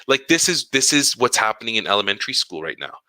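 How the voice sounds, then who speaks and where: A man's voice: lowish voice, quick pace, dry recording. A man who is an elementary school teacher, telling stories about his work in a casual podcast monologue and acting out conversations as he goes. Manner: animated storytelling, acting out conversations.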